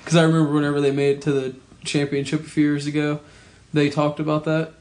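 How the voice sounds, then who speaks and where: A man's voice: on the high side, completely flat delivery, fast talker, darkish tone. A man co-hosting a sports podcast in casual, profane, joking chat. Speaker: podcast co-host.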